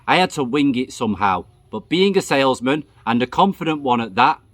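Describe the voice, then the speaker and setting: A man and channel host reading a true story aloud in a steady, reflective storytelling manner. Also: medium pitch, brisk, no echo.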